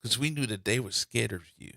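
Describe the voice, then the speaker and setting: A man's voice: medium pitch, fairly quick, creaky, bright, forceful tone, no room sound, clean studio sound. A man, hosting a talk radio show with playful, theatrical commentary and mocking put-on voices. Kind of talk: animated commentary with mock skits.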